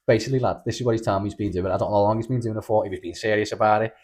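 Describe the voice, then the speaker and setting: A man's voice: fairly low pitch, steady tone, darkish tone. A young man with a Scouse accent, co-hosting a casual comedy podcast, swearing freely and telling stories in a rambling way. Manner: sweary, rambling, quick storytelling with bursts of laughter. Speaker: podcast co-host.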